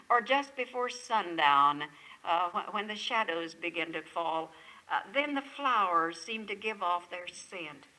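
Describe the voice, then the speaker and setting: A woman's voice: mid-range voice, sharp tone, low-quality recording. An older woman speaking at a lakeside retreat camp, giving a devotional talk full of effusive rhetorical questions to her listeners.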